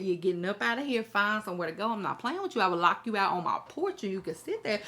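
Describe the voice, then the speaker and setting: A woman's voice: medium pitch, very animated, quick pace, hardly any pauses, pushed and bright. Woman, vlog host, reads email aloud, blunt, profane, chatty, talks to viewers.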